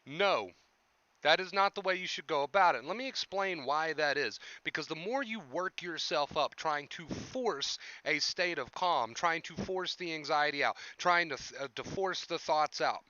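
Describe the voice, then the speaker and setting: A man's voice: fairly high pitch, animated, moderate pace, sharp tone, no echo, muffled recording. A young man hosting a casual livestream, chatting with viewers and coaching them on anxiety, often repeating his phrases. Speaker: livestream host talking about anxiety.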